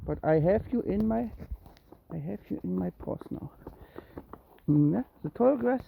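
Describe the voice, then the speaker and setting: Coaxing pet owner vlogging outdoors on a phone; lively, gravelly, tinny phone-line sound. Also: moderate pace, pauses often, a little hiss or hum. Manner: coaxing, calls the kitten with high meows. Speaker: cat owner filming a kitten walk. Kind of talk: casual narration while walking. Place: outdoors in woods and grass at dusk. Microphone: handheld phone.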